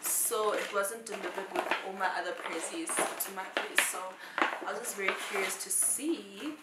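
A woman's voice: mid-range voice, moderate pace, very noisy. A woman, chatting in a gushing, effusive way as she unboxes gifts for her vlog. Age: 20s. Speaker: vlogger. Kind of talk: casual unboxing chat. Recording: echoey room with background music.

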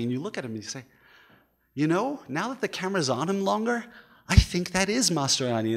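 A man lectures to an audience in a museum hall, with a middle-pitched voice. He speaks with animated enthusiasm and often stumbles over repeated words and fillers as he goes.

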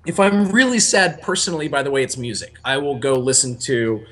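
A young man co-hosting a podcast, talking casually in a rambling, animated way that often breaks off and restarts. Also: mid-range voice, brisk. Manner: rambling, self-interrupting, animated. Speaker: podcast co-host.

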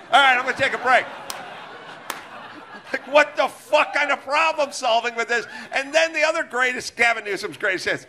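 A man's voice: extremely high pitch, normal speed, pushed and bright. A man hosting a podcast, ranting in a profane, exasperated and sarcastic way. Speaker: podcast host. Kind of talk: ranting comedic podcast talk.

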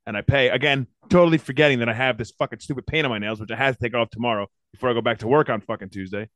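A man's voice: medium pitch, very fast, a bit bright, dry recording. A middle-aged man co-hosting a podcast, telling rambling stories in casual, profane chat. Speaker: podcast co-host.

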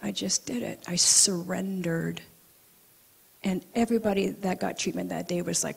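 A woman who practises acupuncture gives a talk, telling a personal story in a lively, animated way. She laughs easily and sometimes drops to a soft, hushed tone for emphasis. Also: fairly low pitch, normal speed, creaky, a little hiss or hum.

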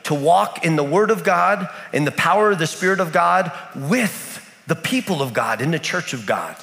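A pastor from the United States preaches in a church hall, with his voice swinging widely in pitch. He tells his story with lots of repetition. Long reverb trails after every phrase. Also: animated, moderate pace, vocal fry, fairly bright tone. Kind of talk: sermon. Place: church in Kenya.

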